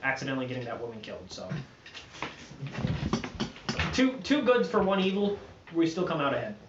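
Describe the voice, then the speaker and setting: A man's voice: fairly high pitch, very animated, fairly quick, background noise. Brief: earnest male player, recorded from afar in a roomy space, dull sound. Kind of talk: tabletop game banter. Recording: distant, roomy, muffled mic.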